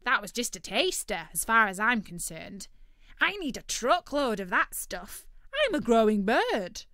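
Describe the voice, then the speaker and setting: A greedy, boastful male turkey who is never full, loud and cheeky, as a woman reader puts him on. His voice sits high and bright. The sound is close and dry, a storybook read aloud. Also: very animated, unhurried, no echo, heavily acted. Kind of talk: storybook character reading.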